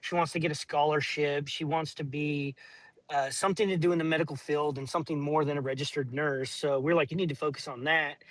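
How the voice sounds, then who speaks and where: Middle-aged man, blunt, rambling, swears, slightly high voice, dry close mic. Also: steady tone, brisk, no echo, poor audio. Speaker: caller telling a family story. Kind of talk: casual debate chat.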